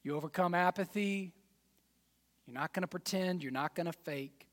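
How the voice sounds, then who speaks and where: High-pitched guy preaching, folksy, hushed then fired up, big echoey hall. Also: moderate pace. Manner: swings from hushed asides to loud fired-up exhortation; folksy, addresses congregation as y'all and man. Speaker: pastor. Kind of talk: sermon.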